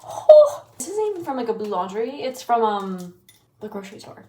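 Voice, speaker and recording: A woman's voice: medium pitch, big pitch swings, fast talker, a little mellow. Chatty young American woman vlogging. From United States. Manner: chatty, full of "like" fillers and laughs. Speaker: vlogger, study abroad student. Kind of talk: casual vlog chat. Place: apartment and streets. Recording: noisy handheld vlog audio.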